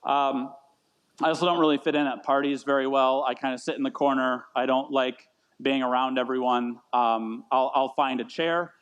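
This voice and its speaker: A man's voice: medium pitch, fairly even intonation, moderate pace, a bit bright, smooth, dull audio. A man in his thirties preaching a casual sermon, rambling and self-deprecating, often repeating words as he tells stories. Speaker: pastor. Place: church meeting in a brewery.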